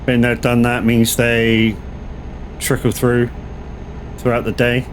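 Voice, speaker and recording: Speaking slowly in a mid-range voice, a male gaming streamer with a West Country accent from Southwest England chats casually with his audience. Slight background noise sits under his relaxed delivery as he reads chat out loud and answers.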